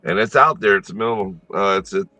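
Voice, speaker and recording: A man chatting as a guest, explaining things in a relaxed way with small hesitations. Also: on the low side, brisk, no room sound, faint music behind. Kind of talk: casual chat.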